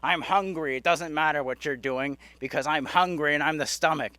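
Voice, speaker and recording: A man putting on a brash talking stomach who barges in shouting that he is hungry, pitched above an ordinary male voice. The voice is loud and announcer-like, with a dry, close sound and no room echo. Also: normal speed, smooth.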